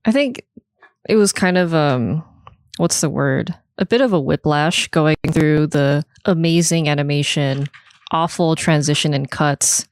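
A woman's voice: deep voice, unhurried, no room sound. A woman co-hosting a casual podcast chat, talking bluntly and swearing freely. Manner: blunt, swears, laughs often. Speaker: podcast co-host. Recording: dry close mic, webcam call.

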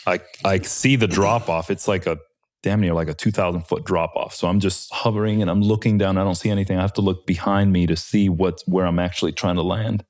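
A man's voice: deep voice, steady tone, a little fast, darkish tone. A man, a helicopter pilot, telling war stories in a laid-back, slangy way with casual swearing. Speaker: Chinook helicopter pilot, guest.

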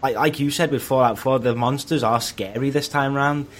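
A man's voice: mid-range voice, steady tone, moderate pace. A man chatting casually about video games, telling rambling stories full of fillers. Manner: rambling, filler-heavy storytelling. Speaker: podcast co-host. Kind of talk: casual gaming chat.

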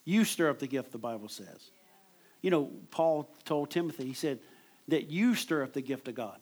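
A man's voice: mid-range voice, expressive, normal speed, darkish tone. A man preaching a sermon in a conversational way, repeating words as he drives home his points.

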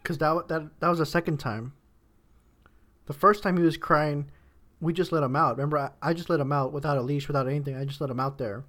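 A man's voice: a little high, steady tone, fairly quick, a bit bright. A man recounting events in easygoing casual chat.

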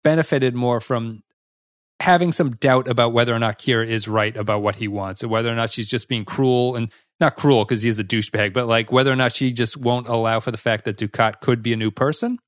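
A male podcast co-host talking through an episode review in a relaxed, critical way, now and then turning sarcastic. His voice sits at a middle pitch and is picked up close on a dry mic with no room sound. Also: brisk, no room sound. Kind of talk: casual review chat.

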